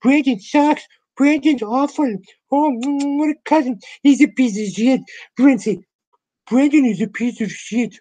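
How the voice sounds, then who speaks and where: Man putting on a high squeaky dog voice, taunting, dry room sound. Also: unhurried, mellow, dry recording. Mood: mocking.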